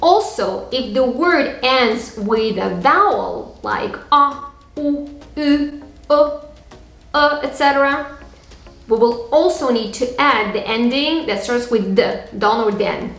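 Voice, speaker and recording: A woman's voice: a little high, animated, takes it slowly, a bit bright. A woman from Tatarstan, teaching a phrasebook lesson and repeating each example sound by sound. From Tatarstan, Russia. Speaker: language teacher. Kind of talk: slow, careful phrasebook lesson. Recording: echoey room with faint music.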